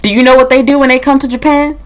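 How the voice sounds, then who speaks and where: A woman's voice: sits high, level tone, fast talker. A young woman vlogger ranting bluntly and sarcastically to her own camera, swearing freely as she tells a story. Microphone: camera mic.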